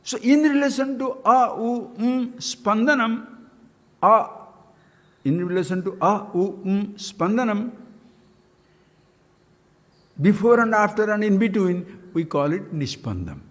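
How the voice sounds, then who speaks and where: A man giving a spiritual discourse, playful and animated, chanting syllables with big leaps in pitch. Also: measured pace. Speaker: spiritual teacher. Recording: long hall reverb.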